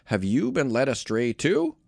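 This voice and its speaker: A man voicing indignant religious leaders who fire off scornful questions, the pitch swinging widely. His voice has a gravelly grain on a dry, close recording. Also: huge pitch swings, a little slow, a little mellow, no echo, full character voice.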